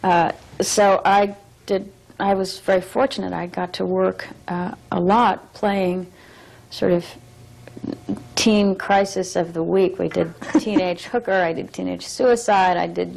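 A young adult actress speaking as an interview guest, thoughtful and measured, reflecting on her work. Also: fairly low pitch, level tone, vocal fry, a little mellow, rough recording.

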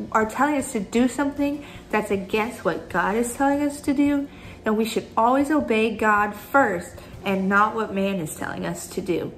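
A woman's voice: a little high, low-quality recording. A young woman teaching a children's church lesson, chatty and upbeat, talking straight to the kids. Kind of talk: Bible story lesson for kids.

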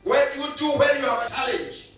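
A man's voice: very high voice, fairly quick, fairly bright tone, faint music behind. A male pastor, preaching a sermon with emphatic repetition. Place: church hall. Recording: echoey hall, voice from far off.

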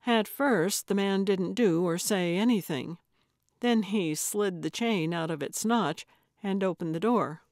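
A woman narrating a cozy mystery audiobook in a measured, unhurried reading. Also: medium pitch, a little mellow, no echo, clean studio sound. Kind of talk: scripted narration.

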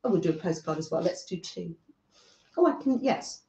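A woman from northern England who hosts a craft livestream, chatting gently with viewers by name and often laughing as she works. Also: lowish voice, animated, normal speed. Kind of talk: casual chat with live viewers while crafting. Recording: echoey room, dull lo-fi sound.

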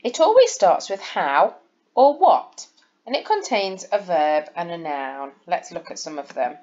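Lively, slow-paced woman teacher. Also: fairly low pitch, muffled recording. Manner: patient, explaining step by step to young children. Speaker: primary school teacher. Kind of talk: recorded lesson over slides.

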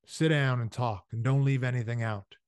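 A man reading aloud and voicing a calm, steady farmer and father who speaks quietly. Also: medium pitch, moderate pace, smooth, close to an everyday voice.

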